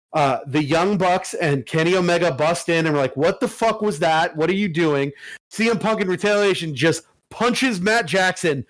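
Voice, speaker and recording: On a casual podcast, the co-host, a man with a fairly high voice, launches into a long, profanity-filled story told with lots of energy. There's no echo, but the sound quality is poor.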